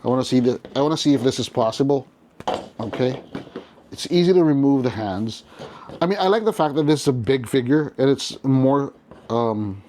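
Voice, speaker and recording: A man's voice: mid-range voice, a little mellow. A man casually reviewing a toy, chatting and thinking aloud as he handles it, with faint noise in the background.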